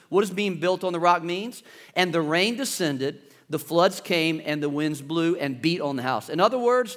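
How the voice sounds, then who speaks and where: A man's voice: on the high side, a bit bright. A man preaching a sermon as pastor, reading scripture and acting out the panicked voices of the people in the story.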